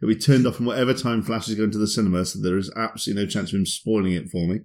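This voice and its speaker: A man's voice: on the low side, steady tone, racing, a little mellow. A man, co-hosting a podcast in casual chat, jokey and talkative with dry humour. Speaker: podcast co-host.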